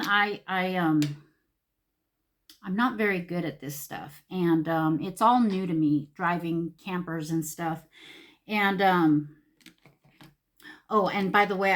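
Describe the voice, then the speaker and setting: A middle-aged woman, chatting animatedly and full of fillers while she does her makeup for a get-ready-with-me video. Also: lowish voice. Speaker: beauty vlogger.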